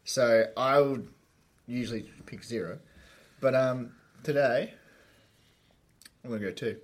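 A man co-hosting a casual podcast, talking in a dry monotone. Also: medium pitch, a little slow. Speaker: podcast co-host. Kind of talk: casual chat.

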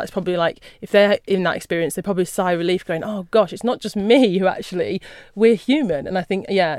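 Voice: mid-range voice, a little mellow, no echo, clean studio sound. A podcast host answering a guest in a reflective, thoughtful way. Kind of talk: warm interview conversation.

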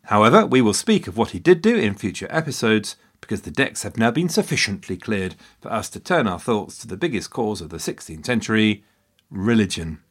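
A man hosting a history podcast, giving a scripted narration in a lively storytelling manner with wry asides. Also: lowish voice, a little fast, slightly rough.

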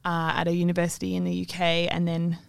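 Young woman with a gravelly voice. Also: fairly low pitch, fast talker, dry recording. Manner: relaxed, supportive listener, chimes in with short replies. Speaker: podcast co-host. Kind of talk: casual chat.

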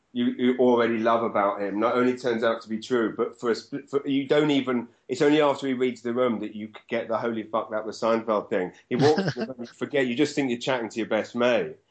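A man, a stand-up comedian, chatting casually and telling stories with animated energy and the odd swear word. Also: mid-range voice, fast. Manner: animated storyteller, swears freely. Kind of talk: casual chat. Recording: dull lo-fi sound.

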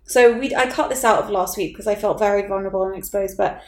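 A woman's voice: mid-range voice, fairly even intonation, quick pace, darkish tone, roomy sound. A young woman co-hosting a podcast, telling a story in casual chat, acting out quotes, swearing and laughing often. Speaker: podcast co-host.

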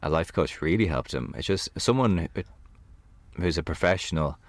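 A man, a podcast guest talking casually in a camper van, telling animated stories full of "like". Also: sits low, normal speed, no echo. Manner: animated storyteller, heavy on "like". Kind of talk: casual conversation.

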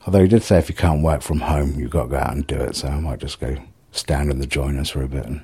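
Very deep, husky rambling man. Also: fast, dark tone. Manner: rambling, self-mocking, sweary. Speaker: vlogger. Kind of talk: casual solo video diary.

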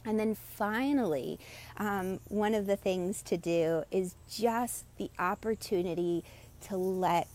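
A woman and meditation teacher talking on a live stream and giving gentle, inviting, unhurried guidance. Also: mid-range voice.

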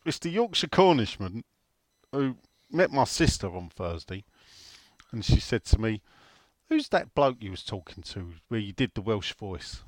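Man, animated up-and-down delivery, dry close sound, casual podcast co-host. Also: on the low side, measured pace, no room sound. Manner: chatty, teasing, reads out listener questions. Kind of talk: casual chat.

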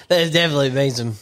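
A man's voice: on the high side, fairly bright tone. A man, a laid-back joking co-host in casual podcast chat.

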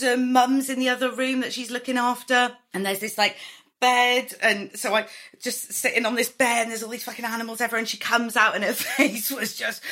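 A Welsh woman in her thirties, a comedy writer chatting casually and telling animated stories, swearing freely and acting out other people's voices. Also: fairly high pitch. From Wales. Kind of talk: casual chat.

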